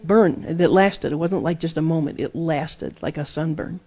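A man's voice: a little high, normal speed, warm tone. A man preaching a sermon, emphatic and repeating key phrases for effect. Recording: dull lo-fi sermon recording.

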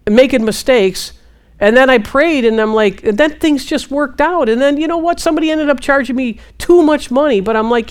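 A woman's voice: fairly quick, clear, resonant tone. A woman giving casual Christian teaching, answering a question and acting out her own prayers. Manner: animated, quotes God in hushed low voice.

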